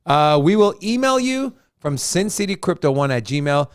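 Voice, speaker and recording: A man's voice: a little high, big pitch swings, moderate pace, clear, resonant tone, no echo, studio quality. A man hosting a casual crypto show, walking through charts and joking with his co-host in a loose, repetitive way. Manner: loose and joking, repeats himself.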